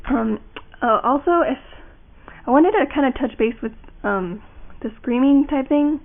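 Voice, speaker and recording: A woman's voice: a little high, a little slow. A young woman giving a casual voice acting how-to, rambling with fillers and restarts. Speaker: voice acting tutorial maker. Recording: tinny lo-fi home mic.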